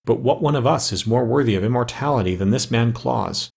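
A man's voice: mid-range voice, brisk, vocal fry, a little mellow, breathy edge. Ak, a man voicing a solemn forest immortal. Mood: persuasive. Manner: solemn, persuasive pleading. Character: noble male forest immortal, earnest leader.

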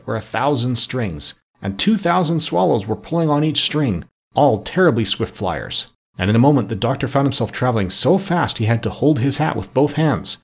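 Husky male storybook narrator. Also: medium pitch. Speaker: audiobook reader. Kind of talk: scripted narration.

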